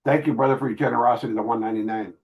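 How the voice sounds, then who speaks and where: A man's voice: medium pitch, steady tone, rapid-fire, darkish tone, low-quality recording. A middle-aged man hosting a casual livestream Q&A, reading viewer messages aloud and answering candidly in street slang. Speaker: livestream host reading super chats.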